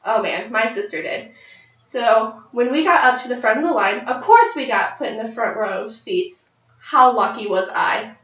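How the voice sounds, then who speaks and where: Young woman of nineteen, fairly high voice, giving a personal story speech, recorded from afar with a muffled sound. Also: moderate pace. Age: late teens. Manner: lively storytelling with high excited jumps. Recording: dull, roomy sound from a distant mic.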